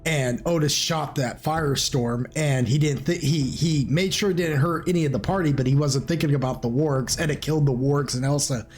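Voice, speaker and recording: A man's voice: fairly high pitch, normal speed, hardly any pauses. A man running a tabletop game as game master, telling stories in a loose, rambling way and laughing often. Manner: animated, rambling storyteller who laughs often.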